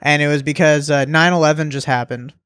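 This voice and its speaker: Male guest, 30s, slightly high voice, casual anecdotal delivery, dry studio sound. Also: steady tone, brisk, fairly bright tone, clean tone, no room sound. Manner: laid-back storytelling, swearing, acting out quotes. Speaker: podcast guest. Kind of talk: casual chat.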